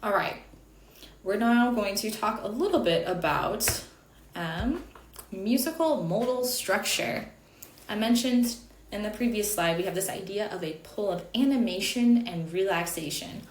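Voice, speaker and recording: A woman's voice: medium pitch, expressive, measured pace. A woman in her thirties teaching Gregorian chant over slides, explaining in a chatty way with little asides. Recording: echoey room, faint background noise.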